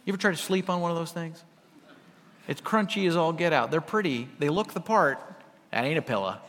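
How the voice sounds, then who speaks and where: A man preaching a sermon as pastor, swinging between hushed asides and loud emphatic lines, with humor. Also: fairly high pitch, expressive, a little fast. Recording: long reverb of a large hall.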